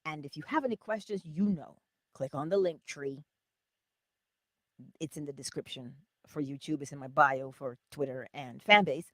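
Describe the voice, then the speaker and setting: A woman hosting a casual livestream, laughing often and greeting her viewers by name, calling them honey, with a lively and unhurried manner. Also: deep voice, dry recording, studio quality. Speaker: livestream host.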